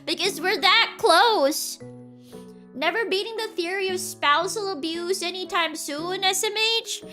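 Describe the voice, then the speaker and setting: A woman's voice: very high voice, a little slow, music in the background. A young woman streamer chatting casually and reading chat, rambling and laughing, insisting with repeats.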